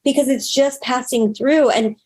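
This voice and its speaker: A woman's voice: high-pitched, steady tone, moderate pace, darkish tone. A woman spiritual teacher talking frankly in a casual interview, swearing now and then and acting out her own self-talk. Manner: acts out inner self-talk in quoted asides. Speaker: spiritual teacher and astrologer guest.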